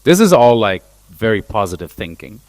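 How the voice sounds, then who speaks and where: A man's voice: fairly low pitch, sing-song, moderate pace, a little mellow, dry recording. A man who is a DJ and producer, giving blunt, opinionated views on a live panel and swearing casually. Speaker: DJ and producer, guest.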